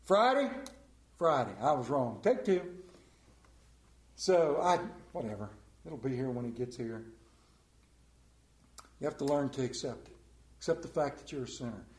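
A man's voice: mid-range voice, normal speed, pauses often. Dramatic man preaching in a roomy church. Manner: dramatic, emphatic scripture reading with wide swings in loudness. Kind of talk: sermon. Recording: roomy echo.

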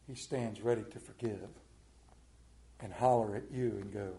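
A man's voice: lowish voice, steady tone, measured pace, creaky, long pauses. Dramatic man preaching in a roomy church. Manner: dramatic, emphatic scripture reading with wide swings in loudness. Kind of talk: sermon. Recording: roomy echo.

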